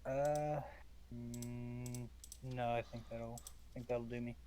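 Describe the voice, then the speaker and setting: A man playing in a tabletop game, quiet and hesitant. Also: mid-range voice, fairly even intonation, takes it slowly. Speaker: player. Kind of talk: casual tabletop game chat.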